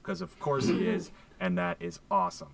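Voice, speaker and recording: Male narrator, scripted countdown, wry and irreverent, gravelly, high-pitched. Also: brisk, distant mic. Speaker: compilation video narrator.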